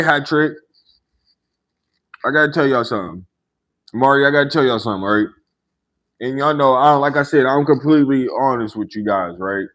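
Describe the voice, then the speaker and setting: Here a man with a mid-range, slightly bright voice runs a laid-back livestream, talking straight to his viewers. Frequent laughter and a habit of adding "right?" mark his casual chat.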